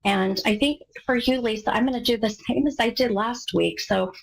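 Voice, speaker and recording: An American woman hosts a live call-in psychic radio show, gushing effusively and packing her speech with fillers. Her voice is a little high with vocal fry, her pace moderate, and the audio quality poor.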